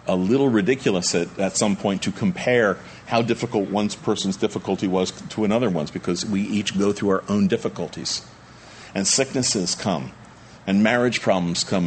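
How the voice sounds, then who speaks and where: A man's voice: low-pitched, a little hiss or hum. A man, a pastor, preaching a sermon and acting out the disciples' panic during the storm. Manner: animated, acts out disciples' panicked voices.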